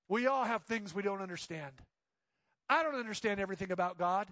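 High-voiced animated male preacher. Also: a little fast, dry recording, studio quality. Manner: animated storytelling, acts out voices of disciples; drops to soft pleading tones. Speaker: pastor. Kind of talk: sermon.

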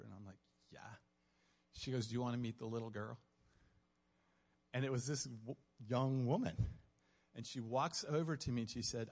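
A man preaching, telling a story from his police days with emotion, dropping to a hush and then rising loud. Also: mid-range voice, steady tone. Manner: emotional, dramatic pauses, swings from hushed to loud. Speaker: preacher, former police officer. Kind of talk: sermon storytelling. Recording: long hall reverb.

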